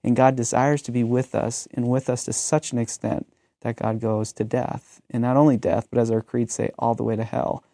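A man's voice: mid-range voice, little pitch movement, moderate pace, warm tone, no room sound, clean studio sound. A man in his thirties, a pastor and teacher, talking earnestly about ministry and telling stories in a conversational way. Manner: earnest, storytelling, frequent "um".

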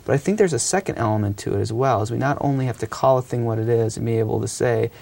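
A man's voice: medium pitch, fast, creaky, a little mellow. A man in his thirties speaking as a youth ministry speaker, telling stories in an earnest, reflective way with frequent hesitations and fillers. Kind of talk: reflective storytelling talk.

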